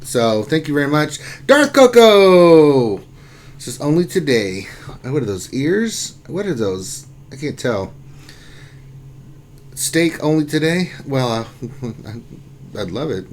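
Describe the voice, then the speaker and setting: A man hosting a casual lunchtime live stream, chatting loosely and reading out viewers' names and messages, often trailing off into quieter asides. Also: medium pitch, expressive, measured pace, pauses often.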